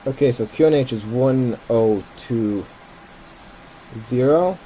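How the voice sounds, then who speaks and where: A man's voice: mid-range voice, slow, mellow, a little hiss or hum, low-quality recording. A man giving casual commentary while playing a flight simulator, thinking aloud and correcting himself as he goes.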